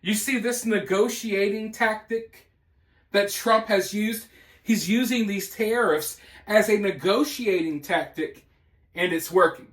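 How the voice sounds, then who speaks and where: Guy doing fired-up political commentary, high voice, roomy echo. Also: measured pace, fairly bright tone, far from the mic. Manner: emphatic, mocking, triumphant. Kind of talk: opinion commentary.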